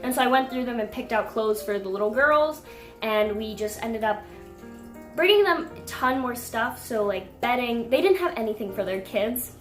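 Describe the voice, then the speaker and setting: A young woman telling a pet rescue story to camera in a casual, animated way, breaking into indignant outbursts. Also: fairly high pitch, moderate pace. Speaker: pet vlogger. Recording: echoey room with faint music.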